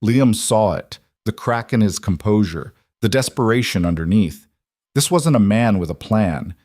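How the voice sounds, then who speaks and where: A man narrates a scripted thriller in an even, dramatic way. His voice is low. The sound is dry and close. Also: moderate pace, no echo.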